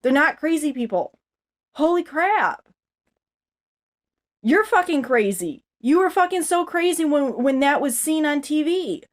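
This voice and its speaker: A woman's voice: sits high, lively intonation, unhurried, pauses often. Woman in a swearing, rambling rant. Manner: rambling, swears constantly, heated. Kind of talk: angry profane rant to camera.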